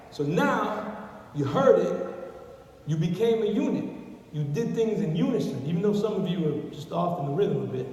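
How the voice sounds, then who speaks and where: A man giving an upbeat corporate talk, barking drill-style commands at the audience. His voice sits a little high and carries from a distance. It rings through a big, echoing hall. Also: animated, normal speed, a little mellow, slight background noise. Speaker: company executive presenter. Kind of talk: motivational corporate presentation. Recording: echoey hall, speaker far from mic.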